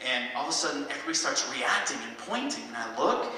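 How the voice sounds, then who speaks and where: A man's voice: medium pitch, quick pace, faint music behind. A man telling profane, jokey stories from the stage and answering audience questions. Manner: animated, jokey, swearing. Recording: echoey hall from far off, faint noise.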